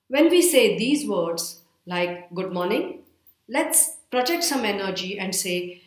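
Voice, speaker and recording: A woman with an Indian English accent giving a recorded lecture, speaking slowly and deliberately and spelling words out letter by letter. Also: mid-range voice, lively intonation. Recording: echoey room.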